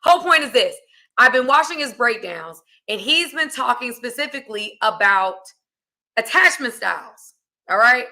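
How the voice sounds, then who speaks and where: Chatty bright-voiced American woman host. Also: fairly high pitch, normal speed. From United States. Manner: lively, chatty, addresses audience as y'all. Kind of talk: casual livestream chat.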